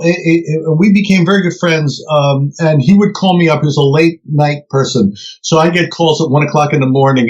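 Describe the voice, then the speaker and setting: A man's voice: a little high, highs cut off. A man in his seventies, a researcher guest in a conversational interview, telling stories and acting out the voices of people he quotes. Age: 70s. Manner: animated storyteller who acts out quoted voices.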